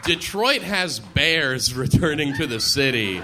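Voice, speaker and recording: A male comedian with a mid-range voice banters with the audience, chatty and laughing through his bits. A clear layer of noise sits under the live stage recording. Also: medium pitch, sing-song, measured pace, a crowd in the background. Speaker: stand-up comedian. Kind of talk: stand-up with crowd work.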